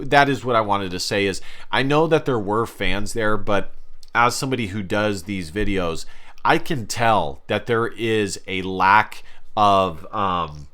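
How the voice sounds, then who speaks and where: A man's voice: fairly low pitch, a bit bright. A man giving casual reaction commentary on a basketball game as a sports vlogger, emphatic and repeating phrases for stress.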